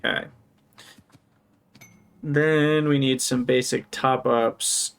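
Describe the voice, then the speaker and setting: A man streaming a building game live, thinking aloud as he plans and brightening to greet viewers in chat. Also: medium pitch, fairly even intonation, slow, clean tone. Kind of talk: live gameplay commentary.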